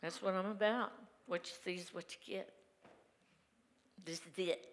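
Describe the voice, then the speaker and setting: Here a woman reverend tells her own story from the pulpit on Sunday, candid and conversational, often breaking into laughter. She speaks unhurriedly in a fairly low voice with fairly even intonation. The sanctuary hall adds noticeable reverb.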